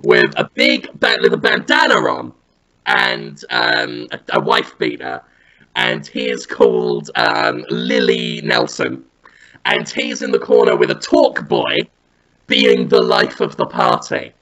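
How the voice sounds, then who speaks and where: Dalek-filtered man telling an animated story. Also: sits high, slow, gravelly, a crowd in the background, rough recording. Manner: animated, rambling, breaks into sung bits. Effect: Dalek-style robotic voice filter. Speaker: comedy podcast host. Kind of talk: absurd comic storytelling chat.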